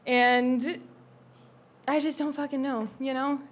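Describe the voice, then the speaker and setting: A young woman speaking her mind at an open mic, rambling and frustrated, swearing and at times flaring up loudly. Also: sits high, flat delivery, slow. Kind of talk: spoken monologue at an open mic.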